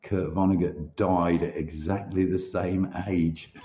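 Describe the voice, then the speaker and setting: A man's voice: low-pitched, level tone, measured pace, warm tone, reverberant. A man who is an author talking casually on a podcast, rambling, swearing and laughing often. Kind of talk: casual chat.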